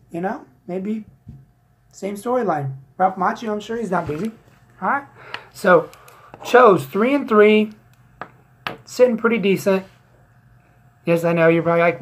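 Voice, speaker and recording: A man's voice: sits high, a bit bright. A man hosting a casual fantasy football league recap, joking and teasing with plenty of swearing.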